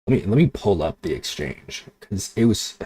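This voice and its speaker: Husky low-voiced man ranting. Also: sing-song, normal speed, warm tone, no echo. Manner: profane, exasperated ranting; sarcastic. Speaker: VTuber streamer. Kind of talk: casual livestream chat.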